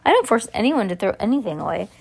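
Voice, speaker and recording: A nervous male island leader who is always smoothing things over, voiced by a woman reading aloud. His protests come out quick and a touch higher, as if hurrying to calm people down. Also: full character voice. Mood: protesting.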